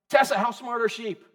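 A man preaching a sermon as pastor, lively and conversational, asking his congregation questions. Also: very high-pitched. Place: church.

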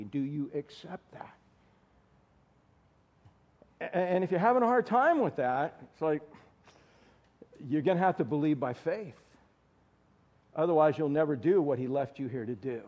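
A man preaching a sermon, animated and direct, calling on listeners by name and asking the room questions. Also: a little high, measured pace, long pauses, dull audio. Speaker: pastor.

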